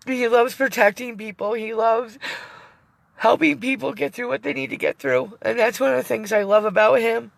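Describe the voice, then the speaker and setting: This middle-aged vlogger speaks from inside her van during a casual live stream, using a creaky voice on the high side, with a steady tone and moderate pace. She rambles, gets emotional and sometimes teary, and swears a bit. The recording is dry.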